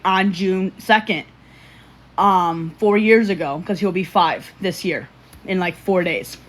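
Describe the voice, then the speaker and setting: A woman's voice: medium pitch, a bit bright. A young woman from Illinois chatting casually on a livestream and telling a rambling story to her viewers, full of fillers and restarts.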